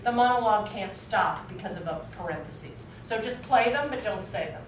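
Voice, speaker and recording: Here the acting teacher sounds animated in a mid-range voice at a moderate pace, with faint background noise. A far-off camera in an echoing room captures her classroom drill as she repeatedly questions the class and tags on "right?".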